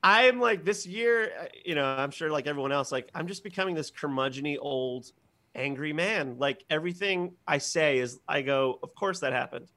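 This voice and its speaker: Man, high voice, bright tone, animated comic storyteller, swears, guest. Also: normal speed. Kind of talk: comedic storytelling.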